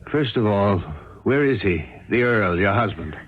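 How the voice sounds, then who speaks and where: A brisk, gallant gentleman rescuer. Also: fairly low pitch, lively intonation. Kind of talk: 1970s radio drama acting. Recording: tinny old radio broadcast.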